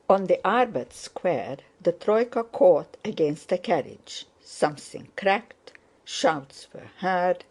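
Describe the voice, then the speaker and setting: A woman narrates a classic novel with a low, dark voice. Her reading is slow, steady and measured. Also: gravelly. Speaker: audiobook narrator. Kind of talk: scripted narration.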